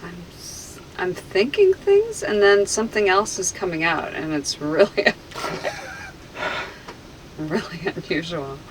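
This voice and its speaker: A woman, a hypnosis volunteer, reacting unscripted, bewildered and embarrassed, her voice swinging between loud and hushed. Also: on the low side, animated, a little slow, pauses often, a little hiss or hum, rough recording.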